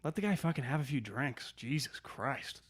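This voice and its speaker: A man's voice: medium pitch, expressive, normal speed, slightly rough. A man co-hosting a casual sports talk show, bantering loosely with plenty of swearing. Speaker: co-host.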